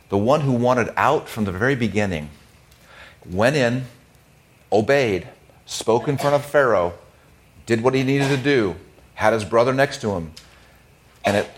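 A man preaching a sermon, retelling a scripture story with dramatized quotes and a few restarts. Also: fairly low pitch.

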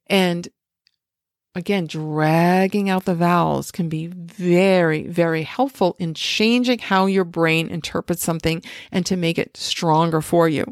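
A woman's voice: lowish voice, no echo, studio quality. A woman hosting a podcast who gives casual advice and often checks in with "right?". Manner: conversational, often asks "right?". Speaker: podcast host and coach. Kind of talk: casual instructional talk.

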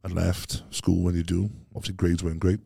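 A man's voice: low voice, little pitch movement, brisk, gravelly, mellow, breathy edge, dry recording, clean studio sound. A Welsh man telling stories as a podcast guest, rambling and laughing easily, full of British slang. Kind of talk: casual chat.

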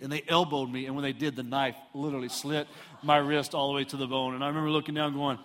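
A man's voice: a little high, fast. A middle-aged man from Houston, Texas, telling funny, self-mocking stories as a preacher and acting out the voices. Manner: animated, self-mocking storyteller who acts out voices. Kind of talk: storytelling sermon. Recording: reverberant hall.

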